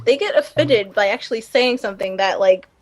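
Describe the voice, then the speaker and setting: A young woman co-hosting a casual gaming podcast, animated and quick to mimic other players. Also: fairly high pitch, dry recording, soft background music. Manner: animated, mimics trash talkers in a raised voice. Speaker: podcast co-host. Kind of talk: casual chat.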